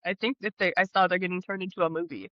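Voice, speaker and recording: A woman co-hosting a book podcast in casual chat, giggling often and speeding up when excited. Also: lowish voice, fast, no room sound. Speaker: podcast co-host. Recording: slightly dull lo-fi audio.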